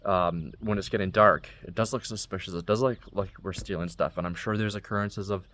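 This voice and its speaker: A young vlogger with a low, steady voice, a bit bright and fairly quick, walks through a story from his own life step by step in a conversational way.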